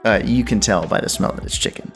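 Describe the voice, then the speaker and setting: A man with a fairly low voice narrates a tabletop roleplaying game as its game master. He speaks hesitantly, full of ums and restarts. Faint music plays underneath. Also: quick pace. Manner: hesitant, many fillers and restarts.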